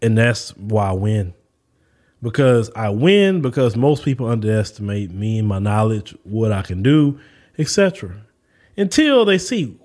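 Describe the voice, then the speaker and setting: A man's voice: medium pitch, very animated, unhurried, darkish tone. A man with a Southern US accent hosting an opinion podcast, talking in a preachy, emphatic, lecturing way. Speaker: podcast host.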